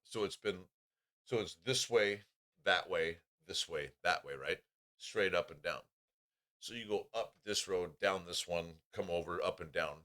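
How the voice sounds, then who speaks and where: A man's voice: low-pitched, unhurried, fairly bright tone. A man telling profane, rambling anecdotes in a casual podcast chat.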